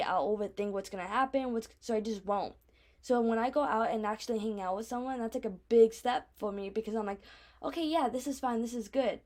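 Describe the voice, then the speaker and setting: A woman's voice: medium pitch, a little mellow. A teenage girl talking casually to her audience, rambling with lots of filler words. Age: teens. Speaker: vlogger. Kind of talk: casual chat.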